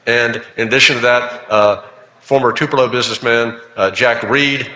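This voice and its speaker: A man's voice: medium pitch, steady tone, sharp tone. Man explaining a bill. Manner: measured, explanatory, with frequent fillers. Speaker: senator presenting a bill. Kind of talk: legislative floor speech. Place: legislative chamber. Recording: echoey chamber with long reverb.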